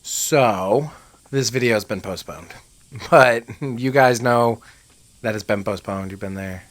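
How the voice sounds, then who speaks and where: This is casual let's-play commentary from a young man who makes gaming videos, joking and swearing freely for his viewers as he plays. His voice is fairly low and fairly bright, he speaks slowly, and the recording is dry.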